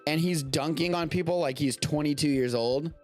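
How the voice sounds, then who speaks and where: A man's voice: fairly high pitch, moderate pace, a little mellow, soft background music. A man hosting a live-streamed show from home, chatting casually about the news in a rambling, self-interrupting way with casual swearing.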